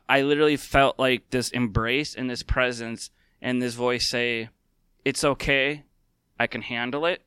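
Candid man with a bright, crisp voice. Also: mid-range voice, dry recording, clean studio sound. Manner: candid and heartfelt, many fillers and restarts. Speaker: podcast host. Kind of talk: casual personal talk.

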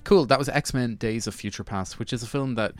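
A man's voice: medium pitch, fairly quick, dry recording, soft background music. A man hosting a film podcast, chatting casually and enthusiastically about new releases with plenty of fillers. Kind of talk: casual film review chat.

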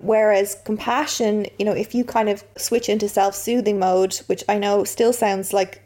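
A woman's voice: medium pitch, steady tone, normal speed, warm tone. A woman hosting a casual chat, frank and blunt, with casual swearing. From Ireland.

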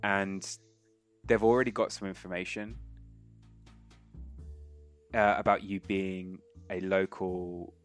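A man's voice: low voice, little pitch movement, slow pace, long pauses, faint music behind. A man running a tabletop role-playing game as game master, chatty and laughing often.

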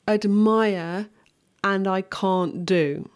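A woman with a fairly low voice talks in an earnest, searching way. She restarts her sentences as she works through her thoughts in a relaxed podcast chat. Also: moderate pace. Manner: earnest, thinks aloud with restarts and laughs. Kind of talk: casual conversation.

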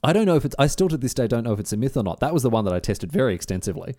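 Podcast co-host, male, brisk delivery, lively storyteller doing little voices for his friends. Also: medium pitch. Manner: animated anecdote-telling, quotes friends in exaggerated voices. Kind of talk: casual chat, storytelling.

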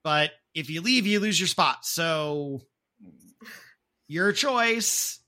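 A man's voice: fairly high pitch, expressive, slow pace, pushed and bright, exaggerated voice. A man voicing a weary, sarcastic androgynous punk pet groomer in a tabletop game. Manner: sarcastic, muttering.

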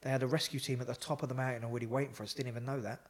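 A man, a psychotherapist guest telling a lively story in a casual interview. He swears and laughs as he talks. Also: mid-range voice, very fast.

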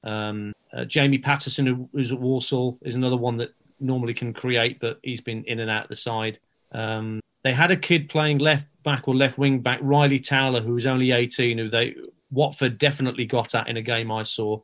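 A man, a broadcaster guest, giving a calm, measured rundown of a football team. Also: mid-range voice. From England. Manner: measured, analytical. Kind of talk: casual chat, match analysis.

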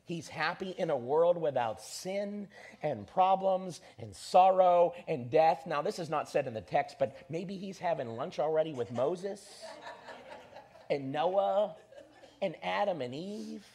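Guy pastor preaching, kinda husky, gets the church to shout back. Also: fairly high pitch, a little slow. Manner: animated preaching, leads the congregation in call-and-response. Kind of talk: sermon.

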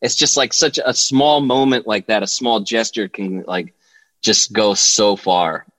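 A podcast guest tells stories in a casual chat, animated and unhurried, acting out quotes in high voices. The sound is dry with no echo.

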